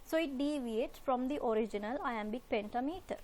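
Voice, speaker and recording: A woman with a fairly high voice teaching a literature lesson over slides. She explains step by step, patiently and methodically, circling back to repeat her points with plenty of "uh" fillers. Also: a little fast, darkish tone, slight background noise.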